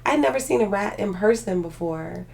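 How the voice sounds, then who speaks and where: A woman's voice: medium pitch, expressive, moderate pace, gravelly, a little mellow. A tired woman hosting a casual livestream, chatting with viewers in a rambling way full of filler words and laughter. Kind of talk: casual live chat.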